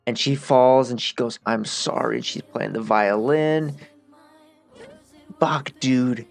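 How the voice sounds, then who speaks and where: A man in the middle of his range gives a casual game-review commentary for his own video, animated and emotional, swearing freely as he talks it through. Faint music plays quietly behind him. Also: medium pitch, slow. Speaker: gaming video creator.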